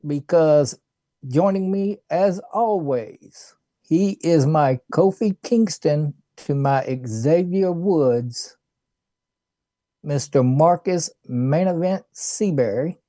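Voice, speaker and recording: A man co-hosting a casual wrestling talk show, speaking in slow, measured host patter. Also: on the high side, warm tone, no echo. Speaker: podcast co-host.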